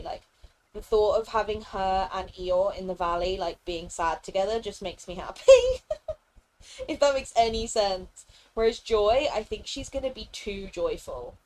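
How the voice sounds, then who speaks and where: Live-streaming a game, a young woman with a mid-range voice chats easily with her audience, laughs a lot, and now and then puts on playful character voices. The audio is poor, with slight background noise.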